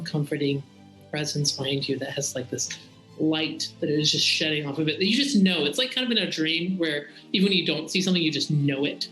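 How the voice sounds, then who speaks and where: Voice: mid-range voice, fairly bright tone. Game master narrating in a roomy echo. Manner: descriptive, dreamy narration.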